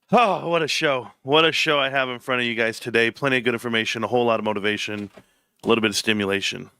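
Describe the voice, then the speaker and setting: A man's voice: mid-range voice, fast talker, bright, forceful tone, clean tone, dry recording, studio quality. A man in his forties hosting a casual livestream rant, joking and mocking with frequent laughs. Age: 40s. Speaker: livestream host.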